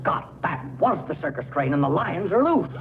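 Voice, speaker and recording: An excitable older neighbor who blusters and chuckles through every line. His voice sits high and leaps all over the place. It comes through a thin, hissy old television soundtrack. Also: moderate pace, phone-quality sound. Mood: blustery. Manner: blustery, lively, chuckling often. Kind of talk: 1950s sitcom acting.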